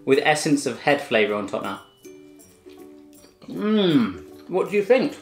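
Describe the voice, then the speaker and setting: A man's voice: on the high side, big pitch swings, a little slow. A man hosting a casual food taste test with his daughter, chatty and jokey. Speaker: cooking channel host tasting food with his daughter. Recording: roomy echo with faint music.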